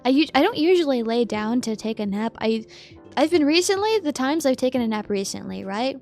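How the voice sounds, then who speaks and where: High-voiced, giggly woman streamer. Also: expressive, fairly quick, a little mellow, faint music behind. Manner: giggly, reads out chat messages and answers them. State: sleepy. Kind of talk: casual chat with viewers.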